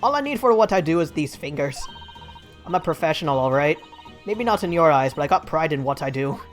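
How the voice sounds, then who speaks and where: A woman's voice: low-pitched, animated, brisk, faint music behind. A woman voicing a cheeky teenage girl pickpocket in a game, brash and full of street slang. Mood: proud.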